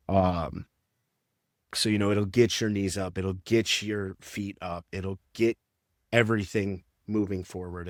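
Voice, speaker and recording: A man's voice: deep voice, dry recording, clean studio sound. A man who works as a strength and conditioning coach, explaining training in a casual podcast interview with lots of fillers.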